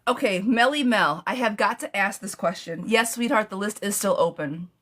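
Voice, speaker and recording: A woman hosting a live tarot stream, chatting casually and affectionately, with many pet names for her viewers and quick, animated bursts of talk. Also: mid-range voice. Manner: animated, talks fast in bursts, laughs often.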